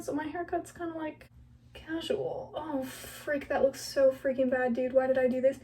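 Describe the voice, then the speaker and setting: A teenage girl with a bright, high voice rambles nervously and jokes at her own expense while filming on a phone. She sits a little back from the mic, so the sound is slightly distant. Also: steady tone, moderate pace, slight background noise. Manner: chatty, flustered, self-mocking, lots of "like". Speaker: vlogger. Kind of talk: casual chat while cutting her own hair. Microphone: phone camera.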